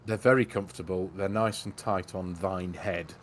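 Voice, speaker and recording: A man's voice: sits low, fairly even intonation, normal speed, a little hiss or hum. A man chatting and telling self-deprecating stories while playing a farming game over a headset. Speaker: co-host of a farming game stream. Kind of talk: casual chat while gaming. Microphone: gaming headset.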